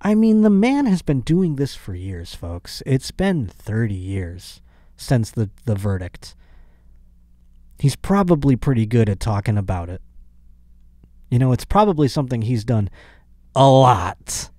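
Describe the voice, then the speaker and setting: A man's voice: medium pitch, sing-song, unhurried, mellow, no echo, clean studio sound. A man hosting his podcast in a casual comedic monologue, rambling and sarcastic. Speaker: podcast host.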